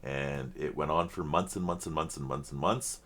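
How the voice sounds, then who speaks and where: A man with a strikingly deep, low voice chats casually as the host of a reaction video. He rambles a little, often apologizes, and speaks earnestly from his home computer setup. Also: moderate pace, a bit bright.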